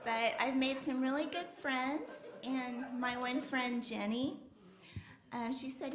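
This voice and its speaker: On a comedy club stage, a young woman does stand-up, telling her story chattily with plenty of fillers. Her voice is a little high and unhurried, and the roomy club carries faint noise.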